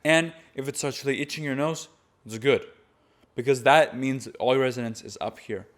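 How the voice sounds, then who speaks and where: Male voice teacher, middle-pitched voice, instructive, steady explanations. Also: normal speed. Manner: instructive, demonstrates sounds between explanations. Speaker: voice and chant teacher. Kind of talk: vocal technique lesson.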